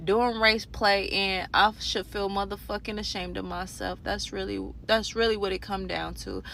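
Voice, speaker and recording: A woman telling a profane, animated story in a casual storytime rant from a parked car, speaking into a phone. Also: medium pitch, moderate pace, gravelly, a little hiss or hum. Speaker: storyteller vlogger. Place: parked car in a parking garage.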